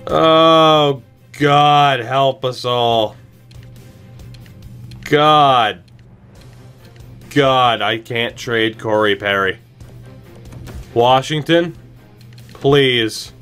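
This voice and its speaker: A man's voice: mid-range voice, drawn-out words, long pauses, fairly bright tone, clean tone, faint music behind. A man commentating a video game he plays, exasperated and pleading, swearing often, with sarcastic asides. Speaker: gaming channel host.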